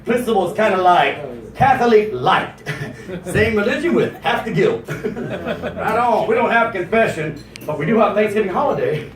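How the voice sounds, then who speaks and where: A man performing a stand-up comedy routine on stage, animated and slipping into exaggerated character voices. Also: sits high, moderate pace, a crowd in the background. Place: comedy stage before a live audience. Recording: roomy venue sound from a distance.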